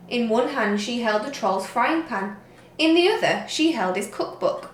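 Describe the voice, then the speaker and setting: A woman teacher reading a story aloud to young children, slowly and expressively. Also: on the high side, reverberant. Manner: slow, expressive read-aloud. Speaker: reception teacher.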